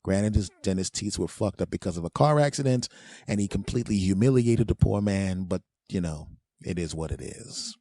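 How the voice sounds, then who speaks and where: Brief: male podcast host spinning a rambling comic yarn, mellow voice, dry close recording. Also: low voice, lively intonation, moderate pace, dry recording. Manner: rambling, acts out quotes in exaggerated voices. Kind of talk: comedic storytelling monologue.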